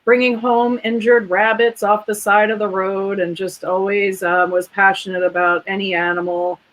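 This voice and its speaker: Poor audio captures a veterinarian who owns a clinic, appearing as a guest in a relaxed interview. Her medium-pitched voice has a fairly bright tone, little pitch movement, and a moderate pace. She comes across as earnest and talkative, with evident pride in her family.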